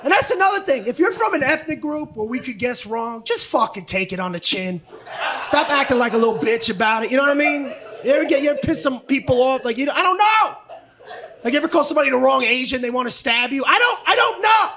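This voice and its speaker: A middle-aged man doing a stand-up set, loud and profane, often shouting as he rants. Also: very high voice, lively intonation, fast. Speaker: stand-up comedian. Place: comedy club stage. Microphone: handheld stage mic. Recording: noisy club recording. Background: audience laughter.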